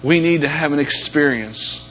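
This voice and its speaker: A man preaching a sermon, dropping to near-whispers and then rising to loud, emphatic peaks. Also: fairly high pitch, moderate pace. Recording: dull lo-fi sound with faint mains hum.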